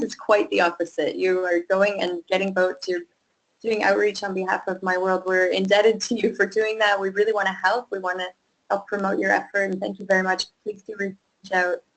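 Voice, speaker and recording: A woman's voice: mid-range voice, steady tone, normal speed, poor audio. Woman explaining on a webinar. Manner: reassuring, speaks with frequent ums. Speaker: webinar co-host for the campaign team. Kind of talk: casual explanatory webinar talk.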